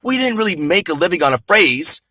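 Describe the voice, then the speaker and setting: A man's voice: high-pitched, big pitch swings, brisk, pushed and bright, dry recording, pitched above the performer's own voice, exaggerated voice. A man playing a nitpicking, sarcastic skeptic. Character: needling, skeptical male questioner.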